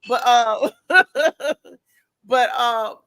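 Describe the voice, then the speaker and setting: A middle-aged woman hosting a live talk show in an animated, laughing way. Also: a little high, drawn-out words, dry recording. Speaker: show host. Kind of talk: casual live show chat.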